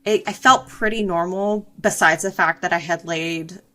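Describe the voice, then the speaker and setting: A young woman speaks as an interview guest, recounting a hard personal experience. Her voice sits a little low, and she talks candidly and reflectively, with frequent fillers. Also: normal speed, bright, forceful tone.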